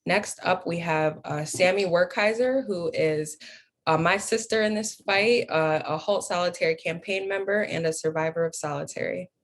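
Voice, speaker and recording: A woman with a slightly low voice emcees a press event. She thanks each speaker and introduces the next with small pauses and fillers. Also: slight background noise. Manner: warm thanks, hesitant fillers.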